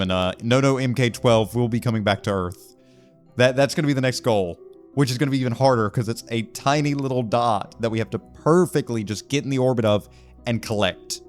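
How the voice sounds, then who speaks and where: Man, gaming commentary, excitable, talks himself through moves, medium pitch, faint music behind. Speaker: gaming video host. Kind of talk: casual let's-play commentary.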